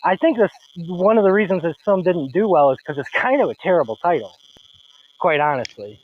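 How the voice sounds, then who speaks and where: A man hosting a film podcast, talking in a rambling, halting way with many restarts. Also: sits high, expressive, phone-quality sound. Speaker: podcast host. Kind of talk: casual discussion.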